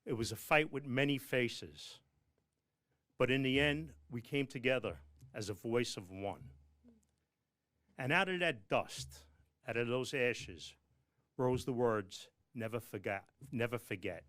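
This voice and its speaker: A man's voice: medium pitch, animated, slow pace, pauses often, a bit bright. Rousing man giving a solemn speech. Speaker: fire officers' union leader. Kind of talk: press conference speech.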